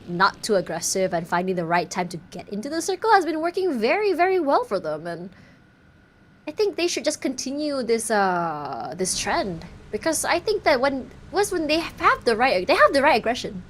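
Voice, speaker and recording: A woman's voice: high voice, big pitch swings, a little fast. A woman casting a mobile esports match live, in a bubbly, playful way. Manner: bubbly, playful, self-teasing. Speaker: esports caster. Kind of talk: live game commentary. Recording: faint background noise.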